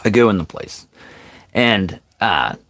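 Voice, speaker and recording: A man tells a comic personal story straight to camera, his pitch swinging up and down as he goes. He keeps checking in with his listeners and pokes fun at himself along the way. The sound is close and dry, with no room around it. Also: slow, dry recording. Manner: animated, keeps addressing the audience with "okay?" and "people"; self-deprecating, exaggerated asides. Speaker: vlogger.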